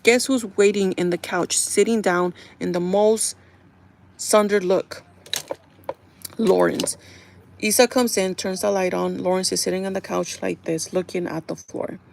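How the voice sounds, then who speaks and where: A woman live streamer in casual chat, retelling a TV episode in a chatty, animated way and laughing often. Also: mid-range voice, unhurried, gravelly, a little hiss or hum. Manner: chatty and animated, full of "like" and "kinda".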